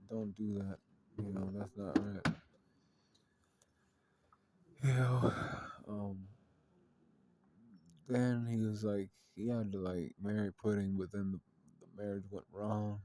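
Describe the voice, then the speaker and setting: A man's voice: fairly low pitch, mellow. A man casually retelling a story in a rambling way, full of fillers and swearing. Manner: rambling, filler-heavy and profane.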